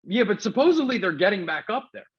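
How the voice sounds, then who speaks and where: Husky sick-sounding New man. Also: high voice, fast talker. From New York City. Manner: rambling, profane, animated storyteller. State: sick with covid. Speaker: comedian podcast host. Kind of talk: casual storytelling chat. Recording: dull lo-fi sound.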